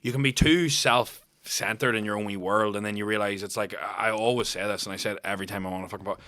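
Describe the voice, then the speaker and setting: A man's voice: lowish voice, fairly even intonation, fast talker, bright, forceful tone, no echo. A man talking as a guest on a casual podcast, reflective but sweary. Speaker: podcast guest, former firefighter.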